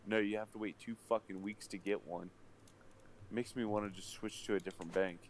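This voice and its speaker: A man's voice: fairly low pitch, steady tone, fairly quick, a little hiss or hum. A man streaming live, telling a heated, profanity-filled story in casual chat at his desk microphone. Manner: profane, heated ranting anecdote.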